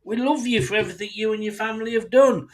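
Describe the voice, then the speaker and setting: An English man hosting a football fan channel, ranting bluntly and swearing freely, and acting out imagined conversations in quick asides. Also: high voice. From England. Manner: mimics others in asides. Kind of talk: impassioned fan rant.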